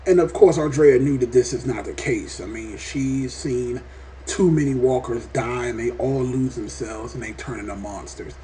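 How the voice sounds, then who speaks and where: A man reviewing a TV episode in a casual vlog, talking in an animated, rambling way and swearing often. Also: medium pitch, moderate pace, slight background noise. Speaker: TV show reviewer.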